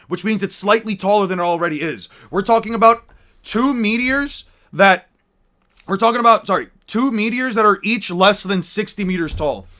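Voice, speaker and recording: Bright-voiced male anime commentator. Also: high voice. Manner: animated, rambling with restarts. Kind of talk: casual fan commentary and debate.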